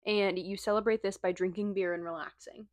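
A woman's voice: medium pitch, steady tone, a little fast. A young woman from Missouri co-hosting a podcast, reading out her notes in a dry, matter-of-fact way. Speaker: podcast co-host. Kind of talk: casual chat.

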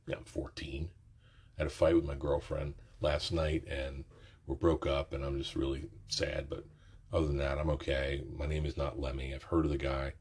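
A middle-aged man telling a rambling, profane story from his youth, often correcting himself mid-sentence, with a raspy voice. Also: extremely low pitch, flat delivery, normal speed. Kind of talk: casual storytelling.

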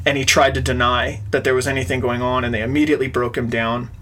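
A man's voice: medium pitch, flat delivery, fast talker, a bit bright, slight background noise. A man, an interview guest, earnestly recounting a personal story in conversation. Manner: earnest, retells events with quoted dialogue.

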